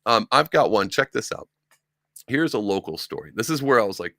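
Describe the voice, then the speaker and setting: Low gravelly man ranting casually. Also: animated, brisk, fairly bright tone, no room sound, studio quality. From upstate New York. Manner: rambling, conversational, mocking impressions of others. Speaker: podcast host. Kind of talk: casual political commentary.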